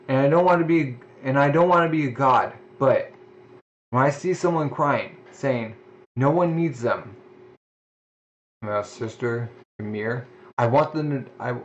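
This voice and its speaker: A man's voice: medium pitch, dull audio, lightly acted. A man reading the lines of a defiant, determined young woman in a manga reading, with little change to his own voice.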